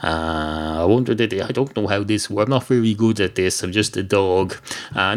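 A man's voice: lowish voice, normal speed. A man telling an improvised story, rambling and self-deprecating, with many uhs and digressions.

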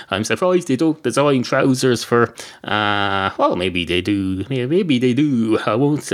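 A man telling a rambling comic monologue, wry and digressive, often correcting himself mid-sentence. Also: on the low side. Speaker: comedic storyteller.

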